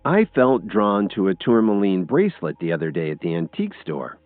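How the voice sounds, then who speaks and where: A calm, confident young executive speaks slowly and deliberately in a deep voice, as a male narrator plays him. The sound is thin and phone-like and dry, over faint music. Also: no echo. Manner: calm and measured, with low deliberate delivery.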